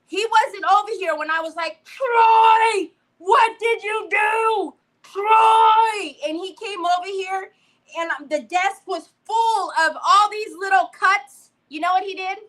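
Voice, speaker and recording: High, bright-voiced woman storyteller. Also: moderate pace, low-quality recording. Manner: animated, greets viewers by name. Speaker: crafting livestream host. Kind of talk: chatty livestream storytelling.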